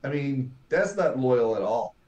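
A man's voice: mid-range voice, unhurried, dull audio. A man co-hosting a casual podcast chat, retelling scenes and acting out the characters' lines. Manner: animated, acts out quotes. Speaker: podcast co-host.

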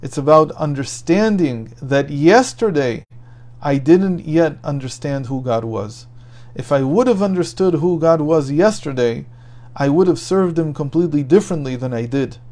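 A man quoting an old sage who calmly reassures and explains. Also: on the high side, moderate pace, natural voice. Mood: reassuring. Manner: calm, reassuring. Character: gentle elderly sage reassuring and teaching.

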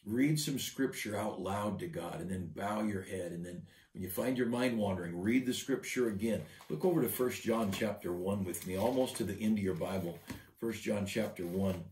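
A man's voice: on the low side, normal speed, a little mellow, echoey room, recorded from a distance. A man, a pastor, giving an earnest devotional sermon and often repeating words as he builds a point.

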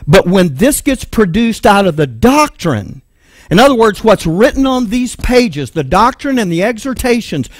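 A man's voice: sits high, sing-song, moderate pace, no echo, studio quality. A man with a Texan accent preaching a sermon, emphatic and full of rhetorical questions. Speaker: pastor.

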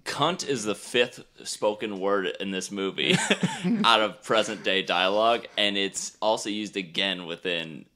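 A man with a lowish but very bright voice hosts a casual movie podcast, swinging his pitch up and down as he talks. He laughs a lot and breaks into goofy voices to act out scenes. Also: animated, measured pace. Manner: laughs often, acts out movie lines in silly voices. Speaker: podcast host. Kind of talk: casual movie review chat.

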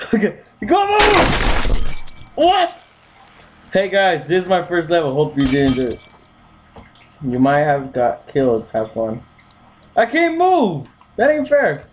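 A gaming video host with a wildly swinging pitch that jumps into yelps and shouts, laughing and taunting the game's characters. The delivery is drawn out and unhurried between outbursts. A faint hiss of noise sits behind the voice. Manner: talks to game characters, taunting. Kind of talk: let's-play commentary.

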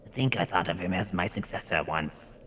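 A man doing a deep, grave ancient ice spirit. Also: a bit bright, a little hiss or hum. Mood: solemn. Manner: slow, solemn, drawn-out delivery. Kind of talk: gameplay dialogue read in a put-on voice.

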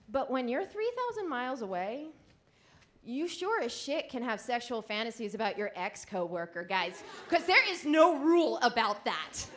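Woman storyteller, live slam set; bright voice, laughing and frank, faint crowd hum in a reverberant room. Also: fairly high pitch. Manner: frank, animated, laughing through lines.

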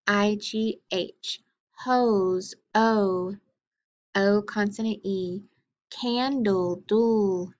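A woman teacher leading a phonics lesson, naming letters and sounds slowly and patiently. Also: medium pitch, fairly bright tone. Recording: dull lo-fi recording.

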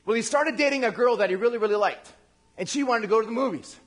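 A man with a high voice preaches to his congregation in a relaxed, conversational way. He is animated and playfully acts out the people he quotes. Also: quick pace. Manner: addresses the congregation directly. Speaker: pastor. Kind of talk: lively conversational sermon.

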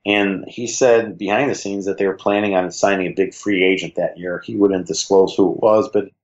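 Man, 60s, heavy Chicago accent, interview guest, reminiscing, low voice, dull lo-fi audio. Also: normal speed. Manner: relaxed, reflective, uses fillers like "you know". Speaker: guest, former league creative director. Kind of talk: conversational interview storytelling.

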